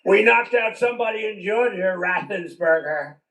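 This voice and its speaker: Rally speaker, older man, highish voice, roomy far-off mic sound. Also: normal speed, a bit bright. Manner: rambling, repetitive, with conversational asides. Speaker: politician giving a speech. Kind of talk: rally speech. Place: large venue with a crowd.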